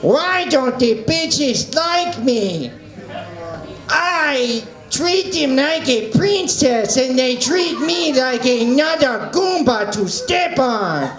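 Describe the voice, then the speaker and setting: A man voicing a lanky, sulking male video-game villain with a slow, whiny, self-pitying delivery. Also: very high voice, expressive, a bit bright, roomy sound, full character voice.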